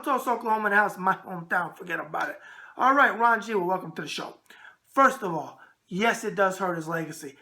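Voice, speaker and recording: A raspy-voiced man with a New York accent hosting a show, bantering in a brash wise-guy way. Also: high-pitched, pushed and bright. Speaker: host. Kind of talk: casual call-in talk show.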